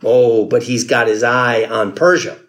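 A man's voice: mid-range voice, steady tone, unhurried. A man preaching a sermon in a conversational storytelling way, acting out the people in the story. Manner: conversational storytelling, acts out quotes with laughs. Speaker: pastor.

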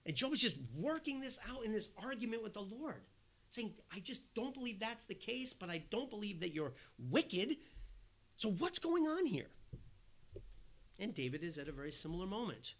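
Earnest guy preaching a sermon, pretty high voice, goes quiet then punchy. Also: sing-song, moderate pace. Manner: earnest, acts out quoted voices, swings from soft to emphatic.

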